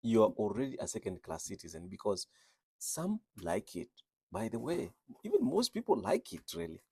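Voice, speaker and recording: A man's voice: fairly low pitch, huge pitch swings, normal speed, vocal fry, a little mellow, husky, no echo. A man working as a registered nurse, English not his first language, talking earnestly and repeating phrases for emphasis. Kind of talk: reflective talk on speaking with an accent.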